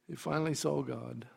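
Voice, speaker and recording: A man preaching a sermon, dramatic, dropping to a hush and then rising to loud emphasis. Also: on the high side, vocal fry, husky.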